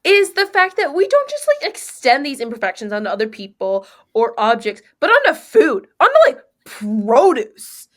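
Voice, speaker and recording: Young woman, podcast co-host, casual chat, high voice, very lively pitch, emphatic. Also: moderate pace, few pauses. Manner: animated, emphatic, swooping pitch.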